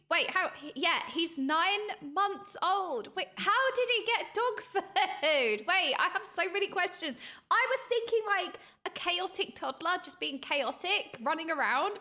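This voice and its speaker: A woman streams and reacts to clips with her chat, her voice very high, bright and ringing. She talks in excitable bursts and breaks into laughter often. Her pitch swings widely from line to line.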